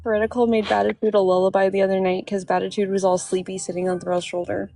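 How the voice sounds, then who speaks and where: A woman's voice: medium pitch, level tone, quick pace, vocal fry, dark tone, no echo. A woman in a casual live stream chat, teasing and bemused.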